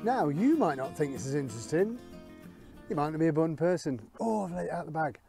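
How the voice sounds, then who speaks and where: Chatty man, slightly high voice. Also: lively intonation, fairly quick, creaky, dark tone, soft background music. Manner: chatty, talks to viewers, thinks aloud. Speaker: metal detecting vlogger. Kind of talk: casual commentary while detecting.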